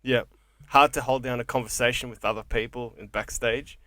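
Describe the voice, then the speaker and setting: A man's voice: mid-range voice, fairly even intonation, fairly quick, bright, forceful tone, no room sound. A man with an Australian accent hosting a podcast, chatting bluntly and swearing freely. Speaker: podcast host. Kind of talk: casual interview chat.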